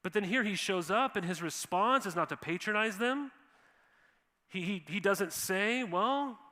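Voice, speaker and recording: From Montana, a male pastor preaches a sermon in a church sanctuary, his bright, forceful voice sitting a little high for a man. He speaks casually and animatedly, slipping into quoted voices. A long reverb from the hall trails behind his words.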